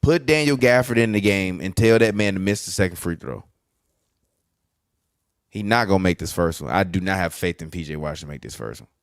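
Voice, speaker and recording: A man co-hosting a podcast, reacting live to a basketball game with excitable, profane mock play-by-play. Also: low-pitched, a little fast, dry recording, studio quality. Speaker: podcast co-host.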